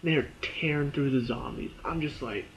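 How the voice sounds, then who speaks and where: A man giving a casual spoken review of a TV episode. He retells the scenes in an excited rush, with lots of fillers. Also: a little high, fairly quick, background noise.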